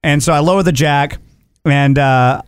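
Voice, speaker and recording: A man's voice: fairly high pitch, clean tone, no room sound. A male radio show host telling stories and joking in casual studio banter. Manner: jokey, storytelling, quick laughs.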